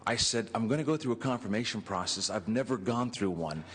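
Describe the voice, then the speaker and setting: This male state senator has a lowish, fairly bright voice with lively intonation, speaking a little fast as he delivers a tribute speech full of anecdotes, voicing the stories' dialogue with chuckles. He's in a legislative chamber with long reverb and faint ambience, plus a little hiss or hum.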